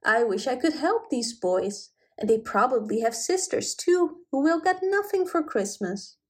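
A woman voicing a kindly old rabbit gentleman. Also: sits high, lively intonation, a little slow, breathy edge, full character voice. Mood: cheerful. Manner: gentle storybook reading.

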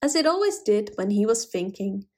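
A woman reading a children's animal story aloud in a gentle, measured way. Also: medium pitch, sing-song. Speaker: narrator.

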